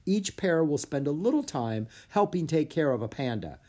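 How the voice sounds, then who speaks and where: A reader voicing a brisk, instructive woman who leads visitors around a research center, in a children's audiobook. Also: mid-range voice, very animated, warm tone, voice pushed up. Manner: instructive, guide-like. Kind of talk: audiobook character voice.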